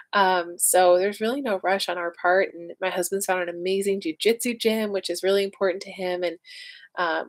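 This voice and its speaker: Female host, 30s, casual emotional live chat, lower voice. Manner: chatty, rambling, emotional. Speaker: livestream host.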